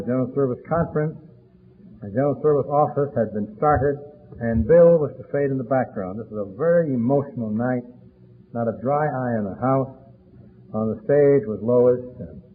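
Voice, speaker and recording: A man in his eighties speaking to a recovery meeting, telling a story with a chatty, deliberate manner and frequent fillers. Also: mid-range voice, a little hiss or hum. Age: 80s. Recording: tinny phone-like old tape recording.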